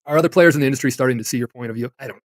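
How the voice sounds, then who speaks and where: A man's voice: mid-range voice, racing, no room sound. A man speaking as a company executive on a live talk stream, rambling with restarts and asides. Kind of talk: casual talk-show chat.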